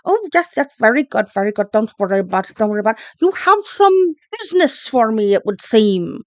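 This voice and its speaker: A courtly, tentacled ferry captain with a pirate burr and rolled R's, as a woman game master puts him on. He doubles up every phrase, "very good, very good," and his voice sits a little lower than hers. The sound is dry and close. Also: very animated, fairly quick, no room sound. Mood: genial. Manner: genteel, repeats his phrases.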